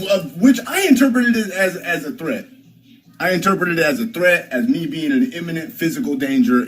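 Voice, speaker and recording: A man's voice: medium pitch, rough recording. A man livestreaming, telling a story to his viewers in a rambling, profane way, with frequent restarts and repeated phrases. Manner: addresses viewers directly. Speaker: livestreamer answering chat.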